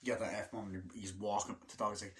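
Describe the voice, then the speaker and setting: A young man giving a rambling, casual movie review, swearing often and acting out scenes in quick impressions. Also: fairly low pitch, level tone.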